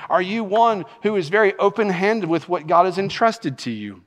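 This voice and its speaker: Animated preacher. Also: male voice, sits high, moderate pace, long reverb tail. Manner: animated storytelling preacher, laughs while telling stories. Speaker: senior pastor. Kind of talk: sermon.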